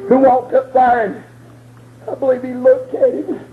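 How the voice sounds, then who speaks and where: A man preaching a sermon as he tells a story, swinging between shouted, crying cries and low murmurs. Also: little pitch movement, normal speed, soft background music. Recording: tinny phone-line sound with faint hiss.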